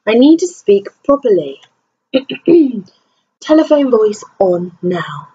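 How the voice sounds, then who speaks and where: A woman's voice: fairly high pitch, big pitch swings, slow pace, pauses often, mellow, lo-fi sound, slight background noise. A tired young woman from England chatting to camera in a rambling, self-deprecating vlog. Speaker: vlogger. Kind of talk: casual chat to camera.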